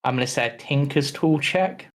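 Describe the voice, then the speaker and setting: A man narrating as game master of a tabletop campaign, relaxed and a little hesitant, with plenty of fillers. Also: mid-range voice, normal speed, poor audio.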